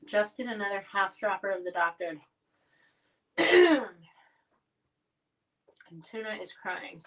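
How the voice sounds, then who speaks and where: A woman hosting a casual livestream at home, chatting while coughing and clearing her throat from spicy food. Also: medium pitch, sing-song, takes it slowly, recorded from a distance. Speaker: livestream host reviewing spicy snacks.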